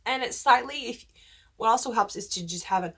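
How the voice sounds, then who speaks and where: A woman's voice: on the high side, brisk, bright, forceful tone, breathy edge. A woman voice teacher explaining diction rules for church cantors and demonstrating vowel shapes. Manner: explains patiently, breaks into sung vowel examples. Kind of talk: instructional talk with sung demonstrations.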